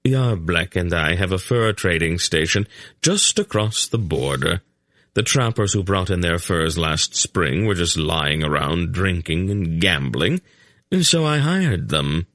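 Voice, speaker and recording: A man's voice: deep voice, very animated, a little slow, fairly bright tone, dry recording, full character voice. A man voicing a sly, urbane male spy and merchant with a dry, unflustered manner. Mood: smug.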